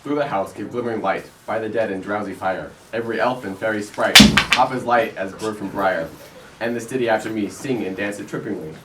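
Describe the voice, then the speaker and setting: A man reciting rhymed verse as Oberon on an amateur stage, steady and solemn. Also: lowish voice, brisk. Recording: echoey room, distant mic, noisy.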